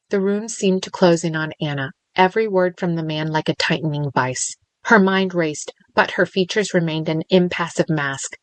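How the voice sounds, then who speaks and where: A woman reading a thriller audiobook in a measured, steady narration. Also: fairly low pitch, dry recording, low-quality recording.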